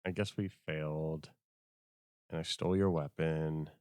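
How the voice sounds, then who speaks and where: A man's voice: very deep voice, steady tone, a little slow, darkish tone, no room sound, studio quality. A man playing a tabletop game in character, hesitant and mumbling. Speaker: player.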